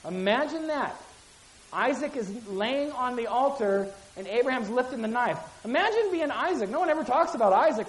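In an echoey room with audible hiss, a woman with a medium-pitched, slightly mellow voice leads a conversational Bible teaching. She acts out the voices while reading scripture, then explains it casually, questions her listeners and repeats key phrases.

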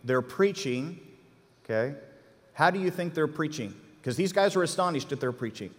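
A man teaching an interactive Bible class, animated and quizzing his listeners with questions. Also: a little high, normal speed, in a large hall.

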